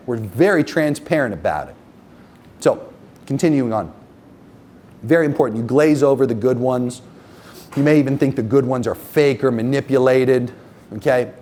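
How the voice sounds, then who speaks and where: A marketing agency owner with a mid-range, darkish voice leads a live seminar for business owners. He swears, hammers his points home, and keeps asking the audience "okay?" and "right?".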